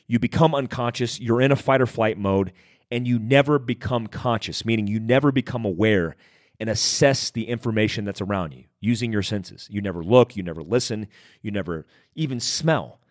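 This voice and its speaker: A man's voice: lowish voice, moderate pace, no room sound, studio quality. A man hosting a podcast, talking directly and conversationally about handling stress, repeating phrases for emphasis. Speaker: podcast host. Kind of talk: motivational talk.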